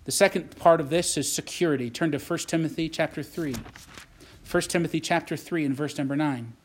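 Pastor, man, preacherly delivery with rising calls for agreement, voice sitting a little high. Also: brisk. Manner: preacherly, asks "Amen?" and "Does that make sense?", repeats phrases. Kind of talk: sermon.

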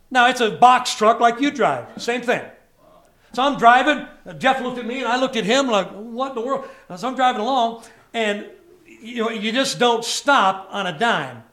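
High-voiced preacher man telling stories. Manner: animated storytelling with congregation call-outs. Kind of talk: sermon with personal stories. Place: church service before a congregation.

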